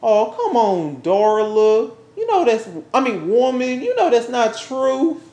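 A woman's voice: fairly high pitch, very animated, slow, warm tone, pitched below the performer's own voice. A woman voicing an accused boyfriend, protesting and stammering in an improvised role-play. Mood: pleading. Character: accused boyfriend, adult man, defensive. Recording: roomy echo.

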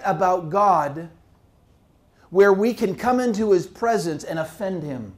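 A male pastor preaching a sermon, animated and full of rhetorical questions to his congregation. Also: sits high, a little slow. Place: church.

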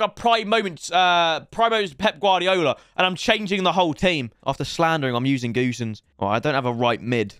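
A young man commentating his own football video game to viewers, sweary and excitable. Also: sits high, smooth, no room sound, clean studio sound. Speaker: gaming streamer. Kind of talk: live gameplay commentary.

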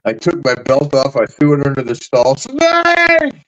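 A man's voice: mid-range voice, a little fast. An older man hosting a podcast, spinning wrestling stories in casual chat, laughing often and acting out the voices. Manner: animated yarn-spinner, laughs through stories, acts out voices. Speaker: podcast host, former pro wrestler. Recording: dull lo-fi audio.

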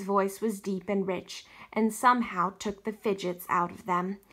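A woman teacher reading a novel aloud for distance learning, expressive, with small slips and restarts. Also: medium pitch, a little slow, few pauses.

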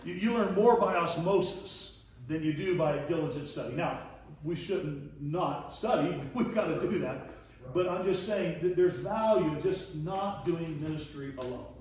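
A man's voice: a little high, normal speed, a little mellow. A man teaching a leadership lesson as a pastor, telling stories in a folksy, chuckling way and acting out the dialogue. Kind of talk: storytelling sermon lesson. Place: church hall. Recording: echoey distant church room recording.

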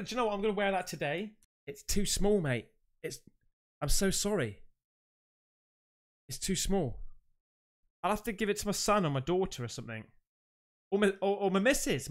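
A man hosting a casual unboxing vlog, chatty and excitable, calling his viewers mate. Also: high-pitched, normal speed, pauses often. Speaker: YouTube host.

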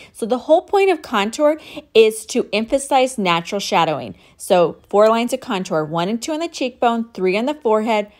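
A woman talks through her makeup routine step by step, upbeat and instructive as she works. Her voice sits at an ordinary middle pitch. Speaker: makeup tutorial host.

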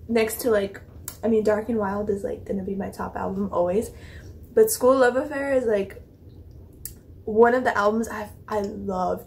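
A young woman with a mid-range voice hosts a reaction video, gushing and rambling in excited, casual chat. She swears and laughs as she goes.

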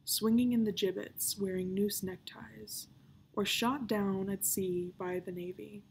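A woman's voice: mid-range voice, steady tone, measured pace, creaky, a little mellow, a little hiss or hum. A woman voicing a grim pirate captain. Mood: brooding. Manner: grim, growling, fatalistic. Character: brooding gravelly male pirate captain around thirty.

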